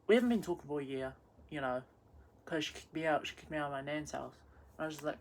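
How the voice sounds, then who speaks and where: A woman's voice: deep voice, fast. A young woman, drunk, rambling through a messy personal rant with many restarts and stumbles. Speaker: vlogger.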